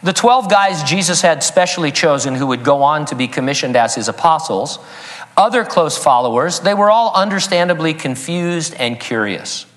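A man's voice: fairly high pitch, expressive, moderate pace, fairly bright tone, big-room sound. A man preaching a sermon as pastor, breaking in with joking asides and chuckling at his own jokes. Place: church sanctuary.

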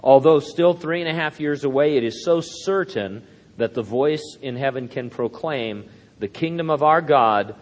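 An older man preaches a sermon, wandering through personal stories with self-deprecating humor before returning to scripture. His voice sits in an ordinary middle pitch. The sound carries the long reverb of a large church hall. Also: moderate pace. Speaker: pastor.

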